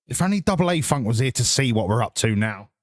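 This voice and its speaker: A man's voice: medium pitch, lively intonation, quick pace, no room sound. A man giving rambling, crude, jokey commentary while streaming a game. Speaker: gaming streamer. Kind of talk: casual gameplay commentary.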